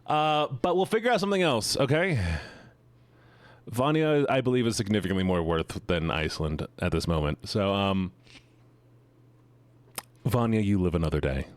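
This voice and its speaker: A man's voice: lowish voice, animated, moderate pace, pauses often, no echo. A man streaming and chatting casually with his viewers, rambling and joking as he gets sidetracked.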